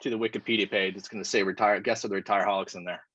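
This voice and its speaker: A man's voice: on the low side, fairly even intonation, very fast, a bit bright, no echo. A man co-hosting a podcast, joking and swearing, building to hyped announcer flourishes. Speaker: podcast co-host. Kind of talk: casual chat. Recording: dry dull lo-fi mic.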